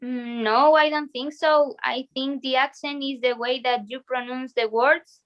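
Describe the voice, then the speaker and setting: A woman answering interview questions carefully, pausing with fillers. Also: high-pitched, fairly even intonation. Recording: dull lo-fi recording.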